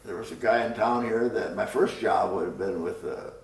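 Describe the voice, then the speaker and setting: An older man with a lowish voice reminisces at a moderate pace in an oral history interview, rambling and chuckling through his stories. The mic sits at a distance in a roomy space.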